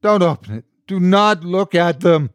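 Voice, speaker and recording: A man's voice: mid-range voice, very animated, measured pace, no echo. A man voicing a remorseful, frightened man who claims to be God, confessing and pleading in a horror story. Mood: urgent.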